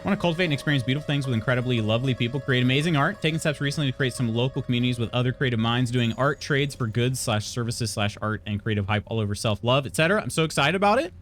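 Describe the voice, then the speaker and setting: A man's voice: mid-range voice, rapid-fire, hardly any pauses, faint music behind. A man from Illinois casually chatting while streaming a video game, reading chat aloud and laughing often.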